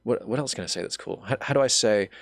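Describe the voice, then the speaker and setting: A man's voice: medium pitch, fast talker, creaky, dry recording, studio quality. A young man hosting a casual interview, joking and teasing his guest and laughing often. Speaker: podcast host.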